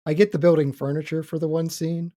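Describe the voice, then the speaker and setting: Podcast co-host, wry jokes, mellow dark tone, mid pitch. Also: flat delivery, fast talker. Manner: wry, joking. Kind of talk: casual film discussion.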